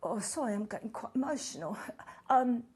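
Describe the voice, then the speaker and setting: A woman's voice: on the high side, animated, takes it slowly. A woman playing an earnest, self-pitying middle-aged activist, rambling and dramatizing her own story in a one-woman comedy show. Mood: tearful, confiding. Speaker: guest in a comedy sketch.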